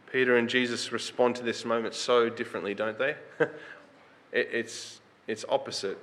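Bright-voiced man preaching a sermon. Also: medium pitch, normal speed. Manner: conversational, asks the listeners questions; reads scripture aloud with rising emphasis.

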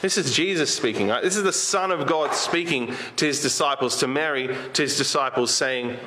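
A man preaching a sermon in a conversational way. He often asks rhetorical questions and slows down and rises when he quotes scripture. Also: mid-range voice, bright, forceful tone. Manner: slows down and lifts his voice when quoting Jesus.

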